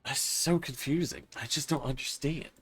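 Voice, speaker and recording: Soft music plays behind a man whose voice is on the high side, a bit bright and slightly rough, at a moderate pace. Live-streaming a horror game, he curses openly, sounds puzzled by a confusing match, and turns self-critical.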